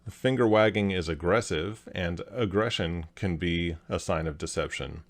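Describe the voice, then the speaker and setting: Man, very low voice, calm analytical video commentary, step-by-step explanation. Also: normal speed. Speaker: host, body language analyst.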